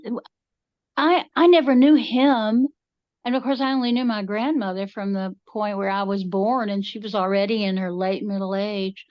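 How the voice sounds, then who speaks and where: A woman's voice: medium pitch, darkish tone, no room sound, lo-fi sound. A woman, co-hosting a podcast and telling folksy family stories in a drawl. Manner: folksy storyteller, drawling, acts out voices in anecdotes. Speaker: podcast co-host. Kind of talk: casual chat.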